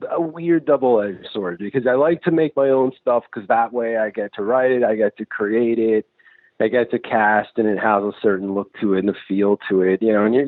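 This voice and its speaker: A man's voice: mid-range voice, no room sound. A man from New England who makes and acts in films, chatting loosely as a guest and telling stories with plenty of swearing. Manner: loose, profane, animated storytelling. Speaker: filmmaker and actor guest. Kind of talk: casual interview chat. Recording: dry, tinny phone-like sound.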